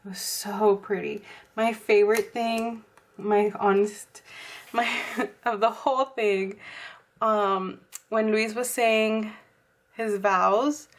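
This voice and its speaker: A young woman from Texas, slightly hoarse, chatting casually to viewers about her planner and filling her talk with likes and ums. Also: mid-range voice, steady tone, slow pace. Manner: chatty, many fillers, addresses viewers as y'all. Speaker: planner vlogger.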